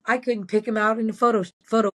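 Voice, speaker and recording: A woman's voice: a little high, little pitch movement, fast talker, a bit bright. A former prison nurse, a woman, telling blunt and profane stories in a casual interview.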